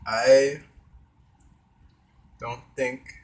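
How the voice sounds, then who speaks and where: A man's voice: medium pitch, level tone, very slow, a little mellow. A young man vlogging in a rambling, hesitant casual monologue, talking while eating with his mouth full. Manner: hesitant, trailing off, many fillers.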